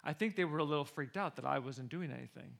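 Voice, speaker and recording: A football coach telling a story about a game, animated and lively, acting out what others said. His voice sits high for a man and has a bright, forceful edge. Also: fast talker, creaky. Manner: animated, acts out the people he quotes. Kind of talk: personal storytelling.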